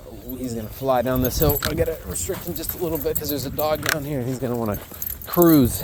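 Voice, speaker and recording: A man's voice: fairly high pitch, a little fast, background noise. A man working as a dog trainer outdoors in a field, talking casually and praising the dog in an upbeat, cheerful voice.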